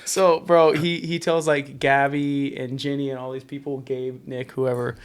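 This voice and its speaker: A man hosting a podcast in a casual chat, reacting quickly and excitedly, often calling his guest "bro". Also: medium pitch, smooth. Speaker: podcast host.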